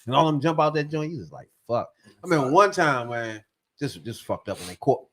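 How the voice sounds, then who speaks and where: A man's voice: medium pitch, a little fast. A man hosting a podcast, telling stories in casual chat and acting out the voices. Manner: animated, laughing, acts out voices in stories. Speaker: podcast host.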